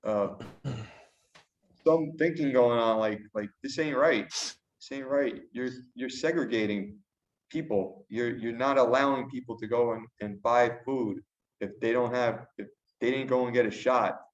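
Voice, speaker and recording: A man's voice: medium pitch, measured pace. A man co-hosting a podcast remotely, talking indignantly and often repeating himself. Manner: indignant, repetitive restarts. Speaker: podcast co-host. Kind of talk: casual chat. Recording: roomy, dull remote line.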